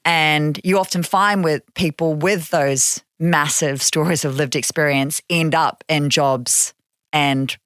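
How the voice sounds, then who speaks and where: A woman hosting a podcast, asking thoughtful questions in a measured, casual way. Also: low-pitched, steady tone, a bit bright, no room sound, studio quality. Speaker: podcast host. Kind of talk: casual interview talk.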